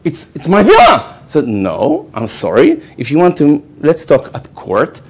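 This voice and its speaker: Animated man telling a Torah story. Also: fairly high pitch, a little slow, slightly rough. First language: Hebrew. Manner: animated storyteller who acts out quoted voices and keeps asking "okay?". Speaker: rabbi giving a lecture. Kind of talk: storytelling Torah lecture to a live audience.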